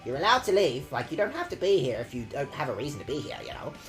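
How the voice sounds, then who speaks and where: A man's voice: medium pitch, very animated, fast talker, fairly bright tone, faint music behind. A man voicing a genteel elderly woman, a trainer's chatty wife, with a sweet, mannered lilt and snippy asides. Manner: sweet, mannered old-lady reading with snippy ad-libs.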